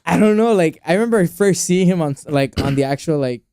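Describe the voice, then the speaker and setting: A man's voice: on the high side, expressive, fairly quick, mellow, smooth, no echo. A man co-hosting a casual podcast, laid-back and slangy, swearing as he talks about anime. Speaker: podcast co-host.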